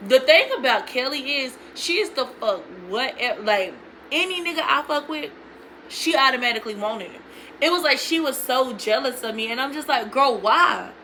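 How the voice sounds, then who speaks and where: A woman's voice: high-pitched, expressive, moderate pace, sharp tone, slight background noise, rough recording. A young woman vlogging a casual storytime, retelling it bluntly with lots of profanity.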